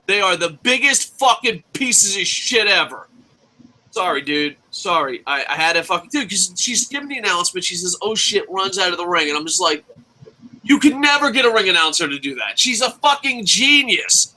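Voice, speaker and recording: High, sharp-voiced man ranting profanely. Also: very animated, moderate pace, poor audio. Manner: profane, ranting, shouts at times. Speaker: wrestling show reviewer. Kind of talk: casual ranting review.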